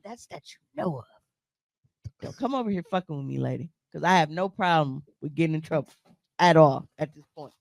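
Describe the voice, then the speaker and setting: A woman's voice: low voice, expressive, fairly quick, vocal fry, no room sound. A woman co-hosting a podcast, telling a story in casual chat, blunt and profane, with frequent laughs. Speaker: podcast co-host.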